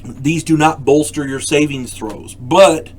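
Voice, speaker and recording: An older man hosting his own channel, explaining a game rule to camera in a casual, halting way, often repeating words and adding wry asides. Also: a little high. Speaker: channel host.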